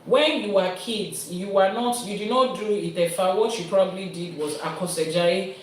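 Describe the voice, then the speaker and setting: A Nigerian woman teaching as an Ifa priestess, speaking at a medium pitch and explaining things step by step with homely comparisons. Her voice is picked up from some distance away. It rings around a very echoey room. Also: steady tone, normal speed, slight background noise. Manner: patient, explanatory, builds points through everyday analogies. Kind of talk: live-streamed teaching answering viewer questions.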